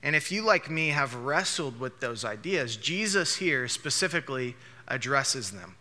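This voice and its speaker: A man's voice: medium pitch, animated, a little slow, sharp tone. A man preaching a sermon as a pastor, emphatic and repeating key phrases for stress. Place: church hall. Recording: long hall reverb.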